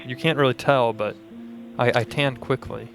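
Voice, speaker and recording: A man's voice: medium pitch, steady tone, moderate pace, vocal fry, music in the background. A man co-hosting a comedy call-in show, talking in a playful, mock-earnest way. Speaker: co-host. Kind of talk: comic improv call-in.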